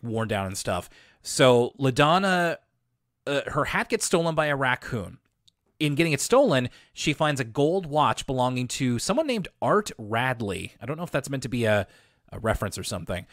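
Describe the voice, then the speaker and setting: A man's voice: medium pitch, fairly bright tone, no echo, clean studio sound. A man co-hosting a podcast, recapping a cartoon episode in a casual, wry way with lots of filler words. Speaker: podcast co-host.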